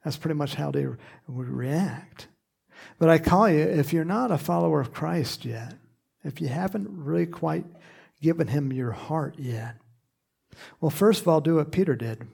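A man with a slightly high, breathy voice and vocal fry preaches a sermon at a moderate pace. He is animated and conversational, mixing in asides and laughter.

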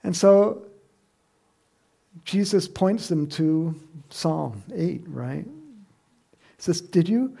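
A man preaching a sermon as pastor, lively and chatty, laughing often and acting out the voices of people in the story. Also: on the high side, very slow, vocal fry, long pauses. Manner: lively, acts out quoted voices with sudden loud cries and laughs.

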